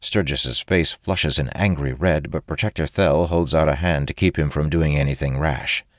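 A man giving steady, measured first-person narration of a fantasy audiobook. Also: extremely low pitch, no echo, clean studio sound.

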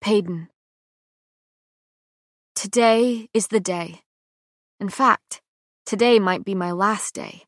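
A woman reads a first-person audiobook in a tense, dramatic manner, often dropping to hushed lines. Her voice sits at an ordinary middle pitch. The booth recording is close-miked and completely dry, with no room sound. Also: takes it slowly, long pauses, no room sound. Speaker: audiobook narrator.

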